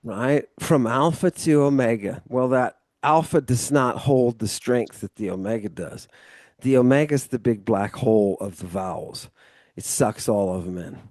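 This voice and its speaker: Man, language tutor, casual explanatory lesson, mellow tone, dry close sound. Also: mid-range voice, a little slow, no room sound. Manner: explanatory, keeps checking with "right?"; casual and loose, with mild swearing. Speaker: Ancient Greek tutor.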